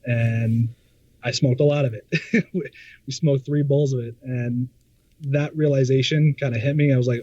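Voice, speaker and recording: A man telling a personal story in a casual, halting way, often stammering and repeating words with many fillers. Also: medium pitch, fairly even intonation, darkish tone, dry recording. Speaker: podcast guest. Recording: dull lo-fi sound.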